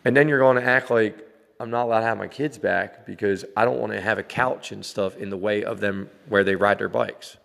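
A man in his forties delivers a blunt, swear-laden vlog rant with a low, gravelly voice. His words ring out with a long reverb, as if spoken in a hard, echoing room. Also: fairly even intonation, a little fast, a bit bright. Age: 40s. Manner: blunt, swearing, laughing between lines. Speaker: vlogger dad. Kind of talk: casual rant to camera.

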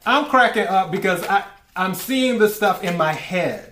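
Slow, laughing man reading tarot. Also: sits high, expressive, bright, forceful tone, slight background noise. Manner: slow, laughs often, asks cards politely. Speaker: tarot reader. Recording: echoey room.

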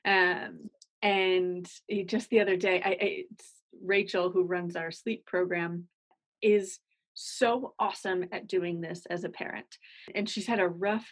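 A woman's voice: fairly low pitch, steady tone, a little slow. A woman hosting a parenting podcast who talks in a casual, chatty and enthusiastic way while sharing a story. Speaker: podcast host. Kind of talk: podcast interview.

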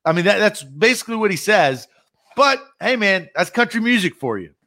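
A man's voice: high voice, big pitch swings, a little fast, pushed and bright. A man co-hosting a sports talk show, teasing his partner in a playful, dry way. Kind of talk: casual chat.

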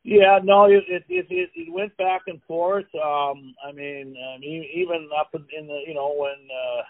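A man's voice: on the high side, animated, measured pace, creaky, dry recording. A Canadian man in his sixties, a former player, rambling through stories with many fillers and restarts. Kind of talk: casual storytelling. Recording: tinny phone-like dry line.

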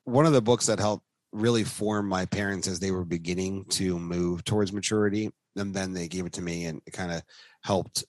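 A man's voice: deep voice, steady tone, normal speed, darkish tone, dry recording. A man co-hosting a podcast, talking casually and rambling through book recommendations with frequent restarts. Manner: rambling, restarts, faith-focused book talk. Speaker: podcast co-host. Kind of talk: casual chat.

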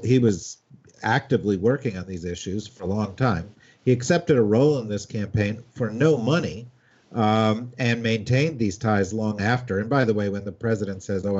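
A man's voice: fairly low pitch, moderate pace, a little mellow, slightly rough. A man hosting a political panel discussion, steering the talk and using lots of fillers. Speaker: host. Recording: dull lo-fi audio.

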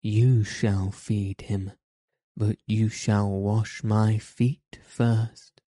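A fierce, cruel robber giant, as a man reading a storybook puts him on, barking harsh commands. The voice sits low and dark. Each threat comes out slow and deliberate. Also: flat delivery, dry recording, clean studio sound. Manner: harsh commanding threats, then desperate pleading.

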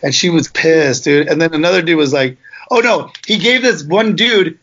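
High-voiced man telling profane stories. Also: normal speed, fairly bright tone. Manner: profane storyteller, acts out people in bursts. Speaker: podcast co-host. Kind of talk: casual comedy podcast chat. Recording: dull lo-fi sound.

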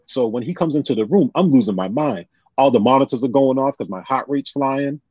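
Fast-talking husky man telling stories. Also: mid-range voice, no echo. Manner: animated, retells scenes with quoted voices. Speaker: guest. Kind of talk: casual storytelling on a podcast. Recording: dull lo-fi sound.

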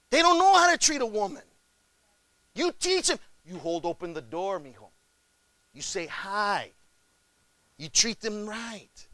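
Pastor guy preaching hard, high voice jumping all over, calls everyone folks. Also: no echo. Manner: impassioned preaching, swings from shouts to hushed pleas; addresses the congregation as folks. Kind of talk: sermon.

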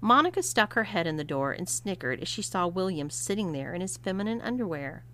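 A woman narrating a story, reading expressively and at a measured pace. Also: lowish voice, sing-song, sharp tone, a little hiss or hum.

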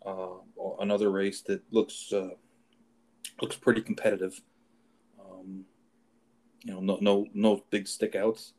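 A man with a fairly low voice hosts a casual horse racing talk show. He talks in a halting way, stacking fillers and restarting his sentences as he goes through the card. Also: little pitch movement, darkish tone. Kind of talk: casual chat.

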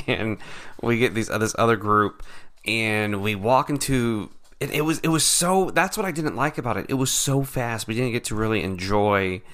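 A man co-hosting a casual chat, telling stories in an animated way and acting out the people in them. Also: on the low side, normal speed. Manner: animated storyteller, acts out quoted people. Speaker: podcast co-host.

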